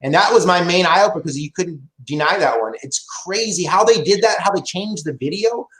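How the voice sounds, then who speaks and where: A man's voice: high-pitched, animated, a little fast, a bit bright. A man talking casually and earnestly, sounding amazed. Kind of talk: casual talk. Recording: echoey room.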